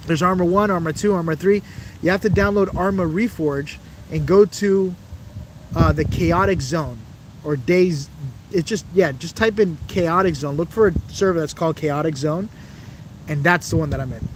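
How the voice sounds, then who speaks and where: A man's voice: fairly high pitch, moderate pace, noisy background. A man hosting a casual livestream, rambling and laughing as he answers viewers' chat messages while standing outdoors beside a building. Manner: rambling, chatty, laughs often. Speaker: livestream host reading chat. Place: outdoors by a building's glass, out of the wind.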